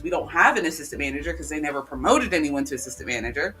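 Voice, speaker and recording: A podcast co-host in casual chat, telling stories in an animated way with sarcastic asides. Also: mid-range voice, very fast, soft background music.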